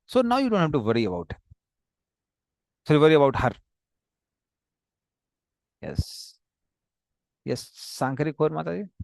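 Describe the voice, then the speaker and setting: A man with a fairly high voice leads a scripture class, working through the text in a halting way with fillers and restarts. The sound is dry and close, with no room around it. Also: very animated, gravelly, a little mellow, no echo. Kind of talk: explaining a text, paraphrasing dialogue.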